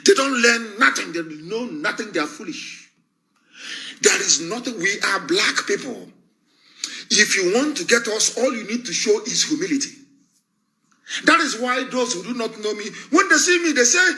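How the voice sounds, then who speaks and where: A man's voice: high-pitched, bright, forceful tone. A man with a Nigerian accent giving an impassioned live address, fiery and scornful, repeating phrases for emphasis. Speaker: broadcaster addressing followers.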